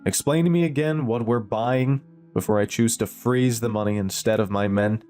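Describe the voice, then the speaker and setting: A man's voice: mid-range voice, normal speed, a little mellow, soft background music, natural voice. A man voicing a humorless, bearded army general with a German accent, blunt and skeptical.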